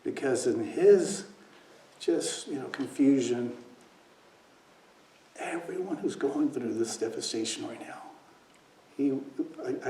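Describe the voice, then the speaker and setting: Guy telling stories at a meditation talk, soft at times, roomy echo, bit of noise behind. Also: medium pitch, unhurried, pauses often. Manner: storytelling, acts out quoted voices, drops to near whispers. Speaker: meditation teacher. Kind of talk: dharma talk. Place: meditation hall. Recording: echoey room, mic at a distance, faint noise.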